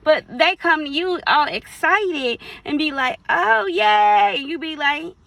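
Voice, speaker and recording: Woman minister, casual sermon, animated, slips into playful character voices. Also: sits high, unhurried, no room sound, poor audio. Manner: animated, acts out little dialogues in playful voices. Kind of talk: casual preaching.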